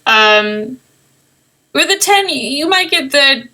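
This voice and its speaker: A woman's voice: high voice, expressive, takes it slowly, pushed and bright. A young woman narrating a tabletop game as game master, chatty, with many ums and giggles.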